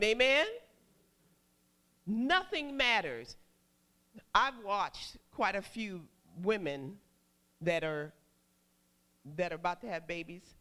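A middle-aged woman preacher telling a personal story in a sermon, animated, calling out for amens. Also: fairly high pitch. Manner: animated storytelling, calls for amen, shouts acted quotes.

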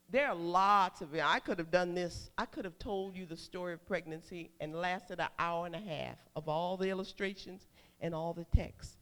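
A middle-aged woman preacher telling a personal story in a sermon, animated, calling out for amens. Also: fairly low pitch. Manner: animated storytelling, calls for amen, shouts acted quotes.

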